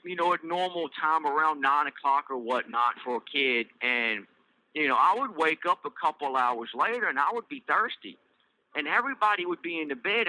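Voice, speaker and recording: A middle-aged man with a Southern US accent, telling his own life story in a loose, halting way with many fillers and restarts. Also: on the high side, pushed and bright, no echo, poor audio. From Virginia. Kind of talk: casual personal storytelling.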